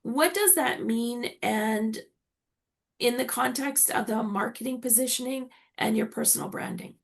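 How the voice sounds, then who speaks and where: A woman hosts an online summit interview, asking her guest questions and praising her work with enthusiasm. Her voice sits fairly high with a gravelly fry running through it. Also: unhurried. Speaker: summit host.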